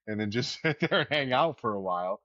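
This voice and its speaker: A man's voice: medium pitch, expressive, fairly quick, fairly bright tone, dry recording. A man co-hosts a casual podcast, rambling through anecdotes with frequent laughs and the odd curse. The recording is dry with no room sound. It is also a little dull and lo-fi. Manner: rambling storyteller, swears, laughs often. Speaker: podcast co-host. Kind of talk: casual chat.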